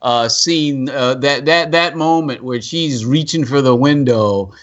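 A podcast co-host giving an animated, mocking movie review in casual chat. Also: medium pitch, dull audio. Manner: animated, emphatic, mocking, quick to laugh.

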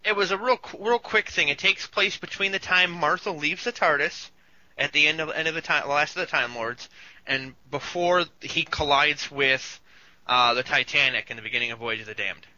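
Bright-voiced man, chatty and jokey. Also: on the high side, normal speed, dry recording. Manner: enthusiastic fan, jokey, quotes lines in voices. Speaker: podcast co-host. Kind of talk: casual chat. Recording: dull lo-fi recording.

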